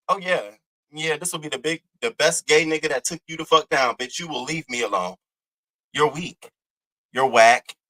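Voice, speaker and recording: A man's voice: fairly high pitch, bright, forceful tone, poor audio. A young man hosting a livestream, delivering brash, profane, taunting trash talk at a rival. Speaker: live-stream host. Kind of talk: heated livestream rant.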